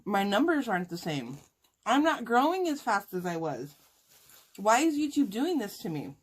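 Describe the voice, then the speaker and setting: A woman's voice: medium pitch, big pitch swings, moderate pace, slightly rough. A woman talking casually and heartfelt to her viewers while eating, emotional and sighing at times. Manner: talks with food in her mouth. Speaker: mukbang vlogger.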